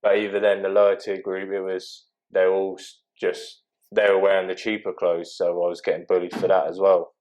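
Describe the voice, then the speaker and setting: A young man, talking casually as a podcast guest, halting with many fillers and restarts. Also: low-pitched, monotone, a little mellow, low-quality recording. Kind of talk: casual interview talk.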